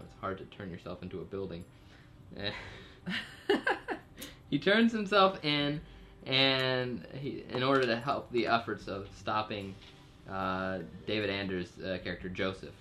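A man's voice: fairly low pitch, sharp tone, slight background noise. A man casually recapping a TV episode's plot for a podcast, rambling with fillers and jokey asides. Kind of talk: casual chat.

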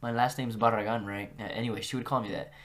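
A young man hosting a podcast, telling school stories in a casual, animated way and acting out what people said. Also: fairly low pitch, fast talker. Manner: animated, acts out quotes with big jumps in loudness. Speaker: podcast host. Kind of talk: casual storytelling.

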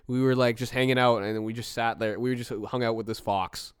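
A man's voice: mid-range voice, fairly even intonation, brisk, smooth, no echo, clean studio sound. Easygoing young man, slangy casual chat. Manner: easygoing, slangy, laughs often.

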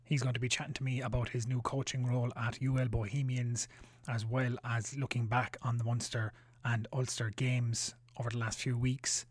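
A man's voice: mid-range voice, level tone, moderate pace, no room sound. Man hosting a rugby podcast. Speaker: podcast host. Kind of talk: scripted podcast intro.

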